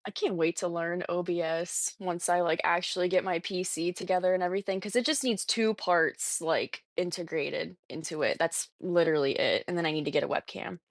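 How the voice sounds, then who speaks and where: A woman's voice: lowish voice, fairly even intonation, brisk, few pauses, dry recording, clean studio sound. Blunt, reactive woman on a livestream. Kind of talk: casual livestream chat.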